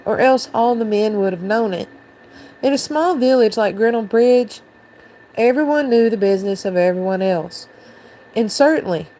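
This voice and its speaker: A woman's voice: mid-range voice, warm tone, a little hiss or hum, poor audio. Woman reading a storybook aloud. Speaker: channel host reading aloud.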